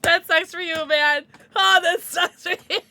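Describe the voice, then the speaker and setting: A woman's voice: very high-pitched, steady tone, a little slow, very noisy. A young woman livestreaming, chatting casually with her viewers, giddy and emotional, often squealing and laughing.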